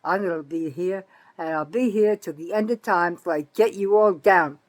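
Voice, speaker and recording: An older woman from North Jersey, USA, rants angrily at normal speed on a rough recording. She's a vlogger delivering a political tirade to camera, bitter and profane, lurching between loud outbursts and low muttering.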